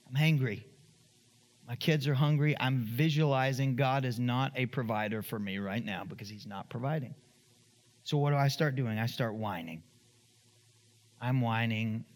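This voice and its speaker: A man preaching a sermon as pastor in a church, animated and acting out the voices of the people in his story. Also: big-room sound. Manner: animated, acts out quoted voices, rises to high emphatic pitch.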